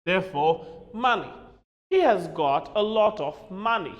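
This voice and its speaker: High-voiced teacher, echoey. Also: male voice, animated, normal speed. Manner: emphatic, spells words letter by letter; switches into Hindi asides. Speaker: English teacher. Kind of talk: classroom lesson.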